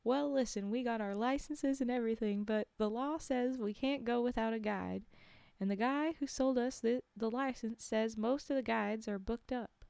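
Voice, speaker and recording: A brash, eager tourist hunter with a put-on Alabama drawl, as a woman storyteller voices him. The voice sits a little higher than her own and stays smooth and clear. It is close and dry, read straight into the mic. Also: moderate pace, dry recording. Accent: attempted Alabama drawl. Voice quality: loud, folksy, ungrammatical.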